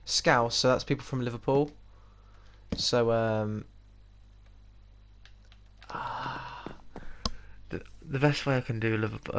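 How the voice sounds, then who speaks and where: A young man with a slightly posh English accent rambles through casual gameplay commentary, laughing at himself as he goes. His voice has a gravelly edge, and the recording is noisy with mouse clicks behind. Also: medium pitch, steady tone, a little slow, pauses often. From United Kingdom. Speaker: gaming YouTuber.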